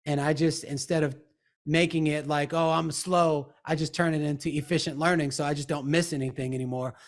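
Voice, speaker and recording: High-voiced man giving emphatic coaching talk. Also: flat delivery, a little fast. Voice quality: had a speech impediment in youth. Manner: emphatic, acts out quoted people. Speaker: motivational speaker and coach, guest.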